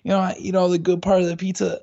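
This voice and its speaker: Man, podcast co-host, rambling casual storyteller, higher-pitched voice, dull lo-fi sound. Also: completely flat delivery, fast, creaky, warm tone. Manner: rambling storyteller, many fillers and restarts. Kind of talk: casual chat. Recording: dull lo-fi audio.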